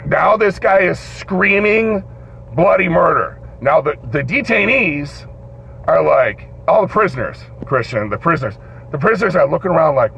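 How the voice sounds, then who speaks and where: A man hosting a live show, telling a story in an animated way, swearing and acting out the voices in it. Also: a little high, unhurried, vocal fry, long pauses. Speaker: host. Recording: dull lo-fi stream audio with faint noise.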